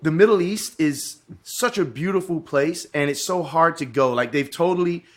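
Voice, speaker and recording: A podcast guest with a voice on the high side tells travel stories at a moderate pace during a casual chat. He rambles, swears frequently, and often restarts his sentences.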